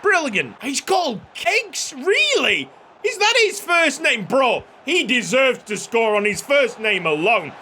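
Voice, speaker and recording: A young man commentating on his football video game, excitable, shouting at chances and cracking jokes between plays. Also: extremely high pitch, a little slow, slight background noise. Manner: excitable, shouting at goals, jokey asides. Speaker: gaming YouTuber. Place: home recording room. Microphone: desk microphone.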